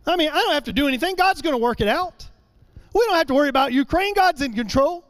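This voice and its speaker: Middle-aged guy preaching, real high voice, hammers phrases over and over. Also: lively intonation, fairly bright tone. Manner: emphatic, repeats phrases, slows for key lines. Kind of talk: sermon.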